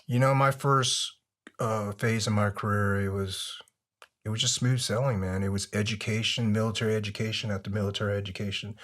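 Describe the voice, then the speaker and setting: A man being interviewed, telling long relaxed stories with many fillers. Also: fairly low pitch, fairly quick. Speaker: interview guest, former soldier. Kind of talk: conversational interview storytelling.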